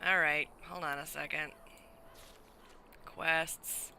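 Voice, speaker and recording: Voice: mid-range voice, little pitch movement, slow, vocal fry, sharp tone, a little hiss or hum, rough recording. A streamer giving live let's-play commentary, often exasperated, swearing and talking back to the game.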